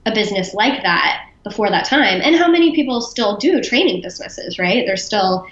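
A woman being interviewed as a business founder, chatty and quick to laugh, with frequent restarts. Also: medium pitch, animated, fairly bright tone, roomy sound, dull audio. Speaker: podcast guest, business founder. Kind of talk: casual interview talk.

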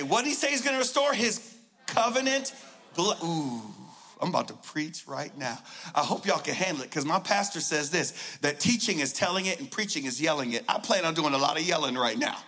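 High, bright, fired-up male preacher. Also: fairly quick. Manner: excitable, joking, shouts for emphasis. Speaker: guest preacher. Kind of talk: sermon.

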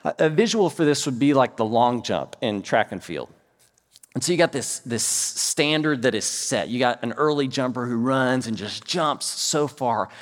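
Speaking at a moderate pace in a mid-range voice, a middle-aged American pastor preaches in a large hall. Storytelling drives his sermon, and he animates it by acting out the quotes.

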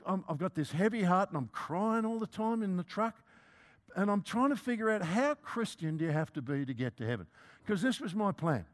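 Older man telling a humorous sermon story. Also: sits high. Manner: humorous, self-mocking storytelling. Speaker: preacher.

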